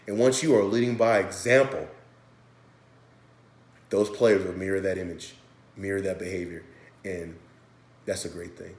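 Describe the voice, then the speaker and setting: A man with a fairly low voice gives a recorded presentation, earnest and halting, often restarting his sentences. His voice rings around an echoey hotel room. The delivery stays sincere and unpolished. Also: fairly even intonation, darkish tone.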